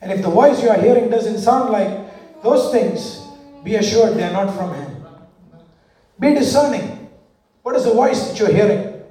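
A man's voice: sits high, lively intonation, moderate pace, pauses often, warm tone. A male pastor preaching a sermon, with rhythmic call-and-response and repeated parallel phrases, recorded in a church. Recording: echoey church hall from far off.

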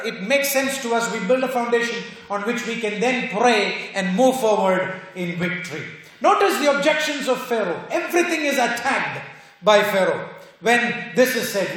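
A man's voice: very high voice, a bit bright. A man preaching a sermon, emphatic and fond of repeated rhetorical questions. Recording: very echoey hall.

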